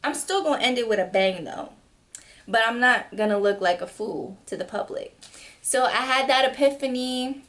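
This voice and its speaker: Young woman in her 20s doing a storytime vlog, kinda high voice, super animated, jumps way up in pitch for quotes. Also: moderate pace. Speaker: vlogger. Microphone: camera mic.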